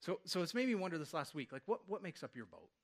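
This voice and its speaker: A man's voice: sits high, sing-song, fast talker. A man in his thirties, a pastor preaching a sermon from a church stage, in a loose conversational way full of rhetorical questions. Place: church stage before a congregation.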